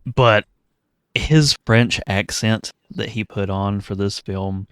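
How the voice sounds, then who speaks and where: A man's voice: fairly low pitch, takes it slowly, a bit bright, clear, resonant tone, no room sound. A man co-hosting a podcast, chatting casually about a movie with wry, analytical humor. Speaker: podcast co-host. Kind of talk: casual movie review chat.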